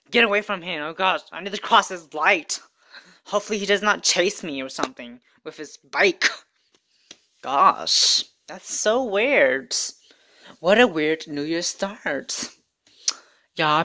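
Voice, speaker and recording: A woman vlogs to camera about her couponing and shopping, rambling in a sassy, repetitive way. Her voice sits a little low but has a bright, sharp edge. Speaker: couponing vlogger. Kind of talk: rambling storytime vlog.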